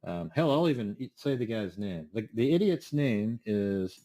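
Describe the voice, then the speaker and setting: A man's voice: fairly low pitch, animated, normal speed, warm tone. A man hosting a livestream in rambling casual chat, irritably scolding his chat and losing his train of thought. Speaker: livestream host.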